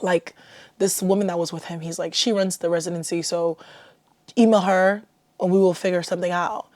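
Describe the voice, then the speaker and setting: A woman's voice: lowish voice, steady tone, brisk, darkish tone, no room sound. A young woman from Haiti hosting her own podcast, talking casually and self-deprecatingly with lots of "like.". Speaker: podcast host. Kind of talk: casual solo podcast chat.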